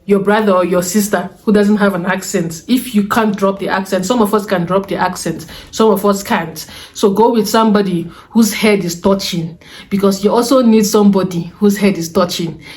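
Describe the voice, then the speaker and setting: A young woman with a Nigerian accent talks straight to camera from a closed-up room at home. She is animated and chatty, with a middling pitch and Pidgin asides dropped into her advice. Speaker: vlogger. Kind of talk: casual advice vlog.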